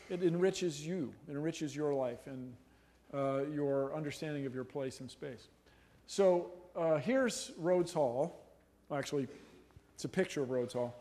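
Animated joking man lecturing. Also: on the high side. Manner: animated, jokey, playful voices and laughs. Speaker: guest lecturer. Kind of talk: humorous university lecture.

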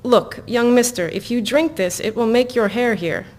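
Woman doing older man, jovial, teasing, slow halting delivery, faint foreign tinge, storybook reading. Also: on the high side, a little mellow, voice pushed up, natural voice. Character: older man, a visitor in a long black coat, jovial.

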